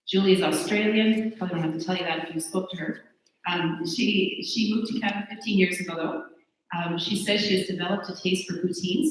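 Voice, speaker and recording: A woman giving earnest introductory remarks for a speaker at a church conference, with frequent "um" fillers. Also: fairly low pitch. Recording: very echoey hall with long reverb.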